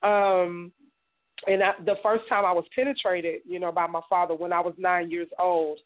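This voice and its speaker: A woman from Indiana, an interview guest, giving a halting personal testimony full of "you know.". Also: lowish voice, flat delivery. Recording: tinny phone line.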